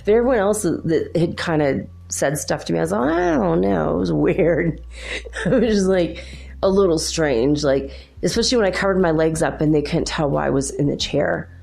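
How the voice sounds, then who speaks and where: A woman's voice: deep voice, moderate pace, gravelly, a little mellow. A woman with children talking casually and at length, rambling with many fillers and restarts, laughing often as she tells personal stories. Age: adult with children. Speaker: host.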